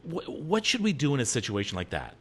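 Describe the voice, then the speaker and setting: A man hosting a podcast, chatting casually with his guest, thinking out loud and reading out listener comments. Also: mid-range voice, wildly swooping pitch, fairly quick. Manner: chatty, sounds out ideas aloud, reads listener comments. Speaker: podcast host. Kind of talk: casual interview chat.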